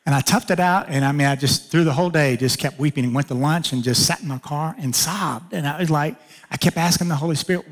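A pastor delivers his sermon at a quick pace in a big-room space, threading in a story from his own life. Playing out the dialogue, he jumps sharply upward in pitch for his protests and goes low and hushed for quiet lines.

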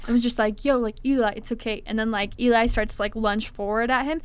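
Young woman spinning a story in casual chat, smooth voice, says like constantly. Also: a little high, fast talker, no echo. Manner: animated, acts out quotes, heavy filler "like". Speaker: storyteller guest.

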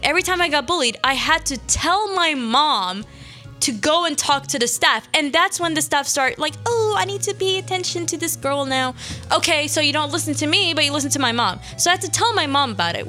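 Teen girl host rambling on, bright voice, lotsa "like" and "um", bit of music under. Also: high voice. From Syria. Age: teens. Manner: chatty, rambling with lots of "like" and "um". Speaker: host of a small radio show. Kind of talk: casual chat.

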